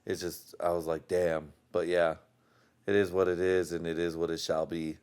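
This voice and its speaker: A man's voice: sits low, little pitch movement, moderate pace, darkish tone, smooth. A man hosting a casual podcast, telling stories in a rambling, profane way with bursts of laughter, a little tipsy from drinking. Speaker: podcast host.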